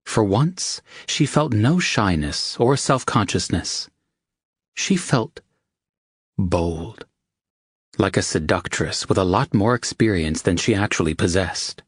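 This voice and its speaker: A man narrating an audiobook with a steady, measured reading. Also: lowish voice, husky, no room sound, clean studio sound. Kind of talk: scripted narration.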